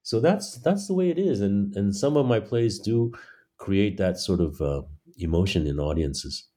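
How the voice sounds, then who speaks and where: A playwright from China being interviewed, telling animated stories and acting out the voices of the people in them. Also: male voice, fairly low pitch, normal speed. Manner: animated storyteller, acts out quoted voices. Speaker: playwright guest. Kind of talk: conversational interview.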